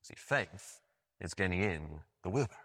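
A man preaching a sermon, telling stories in an animated way with frequent restarts and asides. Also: sits low, moderate pace, dry recording, clean studio sound. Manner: animated storytelling with frequent restarts and "you know".

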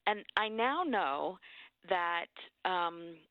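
A woman's voice: on the low side, very slow, no echo. Woman author on a tinny phone line. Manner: earnest, confiding, animated. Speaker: author and guest.

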